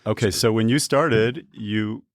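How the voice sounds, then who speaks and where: A male podcast co-host with a low voice who asks his guests questions in a loose, friendly way. He often undercuts himself with self-deprecating asides, and he is recorded in a dry studio. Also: unhurried, no echo. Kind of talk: casual interview talk.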